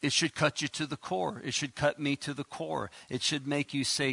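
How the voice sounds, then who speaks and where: A man preaching a sermon as pastor, emphatic, with sudden loud bursts and quick asides. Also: a little high, fairly even intonation, gravelly, husky, no echo.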